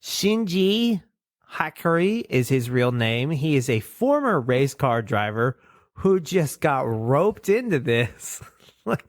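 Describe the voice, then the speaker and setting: A man's voice: medium pitch, dry recording, studio quality. A man co-hosting a podcast, chatting casually and jokingly about an old cartoon. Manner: jokey, riffing, slips into silly voices. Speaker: podcast co-host. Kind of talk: casual cartoon review chat.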